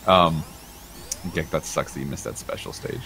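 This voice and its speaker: A man's voice: normal speed, creaky, a little hiss or hum. A man hosting a casual gaming livestream, chatting and reading chat, swearing freely and laughing while he plays. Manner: animated, swearing, laughing, does squeaky impressions while retelling videos. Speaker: livestream host.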